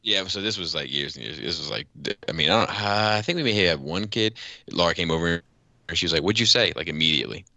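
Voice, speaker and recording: A man's voice: low voice, animated, fast talker, creaky, pushed and bright, no echo. A man in his thirties chatting on a podcast, telling rambling stories and swearing freely. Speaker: podcast co-host. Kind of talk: casual podcast banter.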